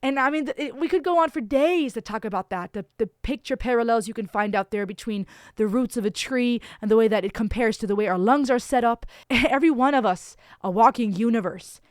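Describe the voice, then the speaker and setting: A woman's voice: on the high side, a little fast, no echo. Effusive woman reacting, dry close sound. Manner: effusive, emphatic, with frequent restarts. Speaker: music reaction vlogger. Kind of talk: casual reaction commentary.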